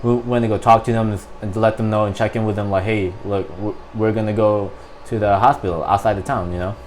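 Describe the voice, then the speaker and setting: A young adult man, a Marine guest on a podcast, telling a story in casual, animated, profane talk full of fillers. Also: fairly low pitch, fast, a little hiss or hum.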